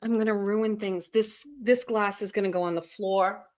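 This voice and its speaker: A woman hosting a casual livestream, excitedly opening gifts and chatting to her viewers while swearing freely. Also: mid-range voice, normal speed. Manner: excitable, swears often, laughs and gasps. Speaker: livestream host.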